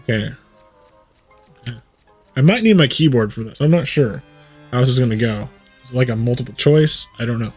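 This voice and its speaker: A man's voice: mid-range voice, animated, fairly quick, long pauses, darkish tone, breathy edge. Man game streamer, rambles and thinks aloud, condenser mic, faint game music underneath. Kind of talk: casual live gameplay commentary. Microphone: studio USB condenser mic.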